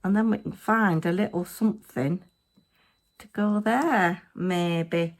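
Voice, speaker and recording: A tired woman talks her way through a crafting project, muttering to herself and tossing in playful asides. Her voice sits at an ordinary middle pitch. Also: slow pace, long pauses, a little mellow. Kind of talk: chatty crafting narration.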